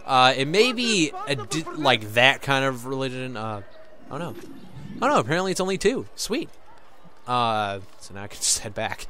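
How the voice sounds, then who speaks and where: A man's voice: medium pitch, animated, a little fast, bright, forceful tone, slight background noise. A man giving loose, sarcastic gameplay commentary with frequent swearing. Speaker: let's play gamer.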